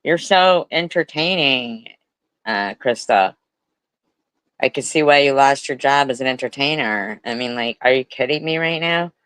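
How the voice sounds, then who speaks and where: A man talks over a clip with heavy sarcasm, mocking and swearing often. He speaks slowly and deliberately. His voice is recorded dry and close, with no room sound. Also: medium pitch, lively intonation, pushed and bright, smooth, no room sound, poor audio. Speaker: commentary host. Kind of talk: profane reaction commentary.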